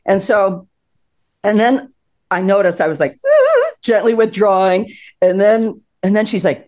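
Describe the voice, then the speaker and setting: Animated, expressive woman on a podcast. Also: medium pitch, measured pace. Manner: animated and expressive, laughing often. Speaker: podcast guest. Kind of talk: conversational podcast storytelling.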